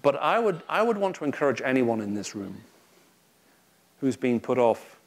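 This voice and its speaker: A man speaks to a live audience in a room, giving a Christian talk. He tells stories with a lively, humorous touch, in a voice of ordinary pitch for a man. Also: normal speed. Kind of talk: public talk with anecdotes.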